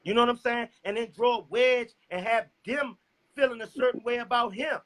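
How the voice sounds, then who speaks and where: A man preaching a loud, profane sermon and cueing a scripture reader. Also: very high voice, steady tone, brisk, low-quality recording. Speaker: street preacher. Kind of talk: fiery street sermon.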